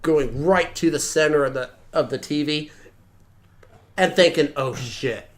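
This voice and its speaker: A man's voice: a little high, a little slow. A man co-hosting a gaming podcast, telling a long story in a casual chat, often restarting his sentences. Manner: rambling, self-interrupting storyteller. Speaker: podcast co-host.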